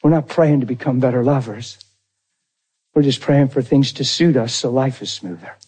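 A man preaching a sermon, telling a personal story with deep emotion and speaking unrehearsed, calling out to his congregation. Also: normal speed, a little mellow, breathy edge. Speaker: pastor.

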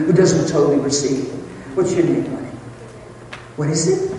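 A male preacher delivers an animated, conversational sermon in a slightly high voice and acts out little scenes as he goes. He is picked up from far off in a large hall with heavy echo and room noise. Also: normal speed.

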